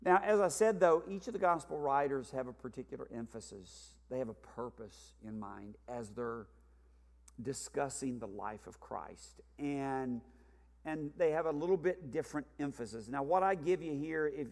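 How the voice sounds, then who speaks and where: A man's voice: mid-range voice, darkish tone. A man teaching a Sunday Bible class in an earnest lecturing manner, repeating his key points and restarting his sentences. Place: church classroom. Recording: church hall with long reverb.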